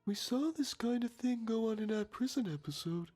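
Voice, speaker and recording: A man doing a deadpan, husky documentary narrator. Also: extremely high pitch, moderate pace, faint music behind, full character voice. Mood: solemn. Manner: deadpan, solemn documentary delivery. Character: solemn male TV documentary narrator.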